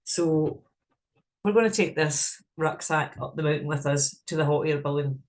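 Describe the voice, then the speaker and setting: A woman's voice: low voice, normal speed, a little mellow. Woman, meditation guide, guided visualization, casual, frank, salty language. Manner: frank, casual, swears freely.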